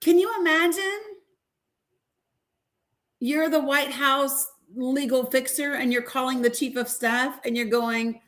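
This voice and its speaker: Animated woman livestream host, slightly high. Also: takes it slowly. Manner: animated, laughing, swearing, talks to viewers as y'all. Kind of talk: casual commentary reading a deposition.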